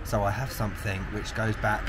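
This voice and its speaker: A man's voice: on the low side, little pitch movement, normal speed, heavy background noise. A man in his thirties from London with a London accent, chatting casually and cheekily to camera on trains, streets and in a chip shop. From London, England. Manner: chatty, cheeky, self-mocking. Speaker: travel vlogger. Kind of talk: casual vlog commentary.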